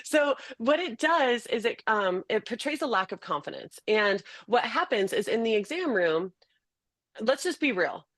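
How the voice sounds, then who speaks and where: A woman guest on a podcast interview, explaining in an animated way and acting out examples. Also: on the high side, normal speed, no room sound. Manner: animated, demonstrates by acting out patient talks. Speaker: podcast guest, optical business founder.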